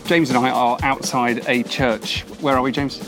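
A man's voice: medium pitch, steady tone, normal speed, over music. A man co-hosting a podcast, chatting casually and musing with frequent ums, recorded outside in a windy courtyard. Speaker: podcast co-host. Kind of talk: casual chat.

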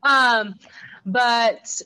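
A woman co-hosting a podcast in casual recap chat, animated and emphatic with quick asides. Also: on the high side, clear, resonant tone, no room sound. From not from New York. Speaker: podcast co-host.

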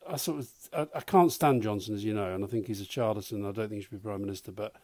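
A man's voice: lowish voice, very fast, a little mellow, no echo. A man co-hosting a podcast, chatting in an easygoing, dry-humoured way. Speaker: podcast co-host. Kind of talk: casual chat.

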